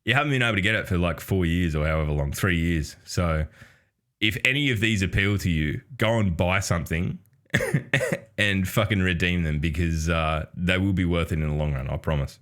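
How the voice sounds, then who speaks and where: A man's voice: low voice, normal speed, a bit bright. A man with an Australian accent co-hosting a casual gaming podcast, swearing freely, laughing often and reading chat aloud. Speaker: podcast co-host.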